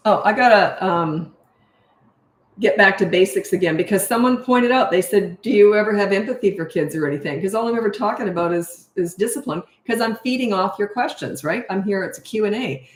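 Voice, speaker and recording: A woman's voice: medium pitch, a little fast, reverberant. An older woman, a parenting coach, chatting and telling stories while answering questions live. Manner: chatty storytelling, acts out voices in anecdotes. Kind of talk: live Q&A chat.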